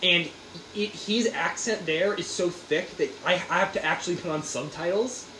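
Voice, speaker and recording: Animated young man co-hosting a podcast. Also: high-pitched. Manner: animated, laughs often, quick restarts. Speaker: podcast co-host. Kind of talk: casual chat. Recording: roomy echo, faint background hum.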